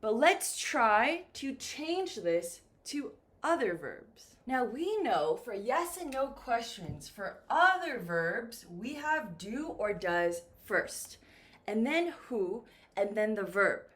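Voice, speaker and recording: A woman teaching English to beginners at a deliberate, unhurried pace. Her voice sits a little high and swings widely in pitch as she acts out example questions. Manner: slow and lively, with acted-out example questions. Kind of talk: slow, clear beginner English lesson.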